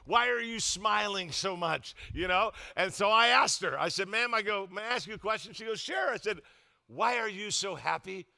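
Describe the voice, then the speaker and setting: Bright, animated older male pastor. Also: sits high, normal speed, gravelly. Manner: humorous storytelling, animated, loud emphatic bursts. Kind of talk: sermon.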